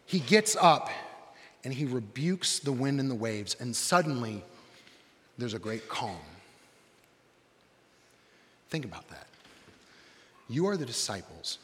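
Bright-voiced man preaching a sermon. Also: mid-range voice, very animated, slow pace, pauses often, big-room sound. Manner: conversational, lots of "like", dramatic drops to quiet.

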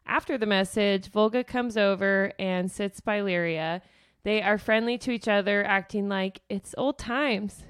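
Woman podcast co-host, casual book recap, animated, swears freely; mid pitch, dry close sound. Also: measured pace, clear, resonant tone, no echo. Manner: animated, swears freely, acts out character lines.

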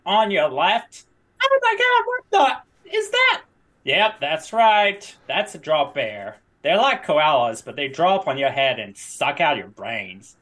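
A man voicing a panicky male tour guide in a poorly done fake Australian accent, breaking into high yelps. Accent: fake Australian, done badly. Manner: yelps and shouts in high bursts.

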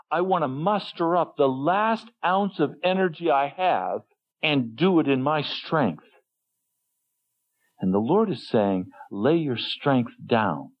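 A man preaching a sermon as pastor, earnest and gentle, lifting his voice when quoting others. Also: mid-range voice. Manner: gentle, earnest storytelling with sudden lifts for quoted voices. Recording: dull lo-fi sermon recording.

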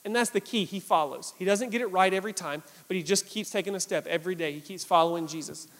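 High-pitched pastor guy preaching, animated and repetitive, big echoey church hall. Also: fast. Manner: animated, repetitive emphasis, acts out quotes. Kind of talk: sermon.

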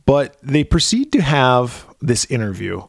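A man's voice: medium pitch, very animated, unhurried, gravelly, dry recording, studio quality. A man co-hosting a podcast, animatedly retelling a film with frequent laughs. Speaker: podcast co-host. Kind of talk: casual chat.

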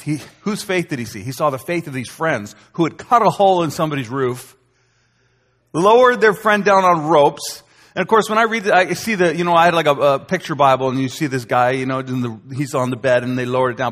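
Male pastor, sermon delivery, animated storyteller who acts out scenes, slightly high voice, long hall reverb. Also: brisk. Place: church hall.

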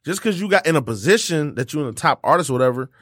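A man's voice: on the high side, animated, racing, fairly bright tone, slightly rough, no echo. A man talking as a podcast guest in casual chat, emphatic, opinionated and profane, on a close mic.

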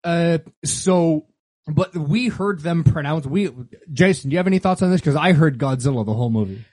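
A man hosting a casual podcast, joking and quick with puns. His voice sits on the high side for a man. It is recorded close and completely dry. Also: darkish tone, no echo. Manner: joking, tells dad jokes and laughs at them. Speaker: podcast host. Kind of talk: casual chat.

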